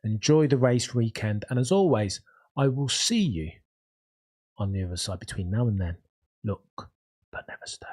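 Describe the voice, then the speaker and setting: A man's voice: mid-range voice, expressive, normal speed, darkish tone, husky. A man with a Birmingham accent hosting a casual live stream, talking enthusiastically and rambling as he reacts to racing and answers chat.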